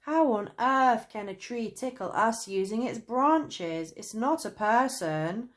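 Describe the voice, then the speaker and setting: A woman's voice: fairly high pitch, animated, slow pace, pitched above the performer's own voice. A woman voicing a cross, tired young traveller boy who complains indignantly. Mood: annoyed.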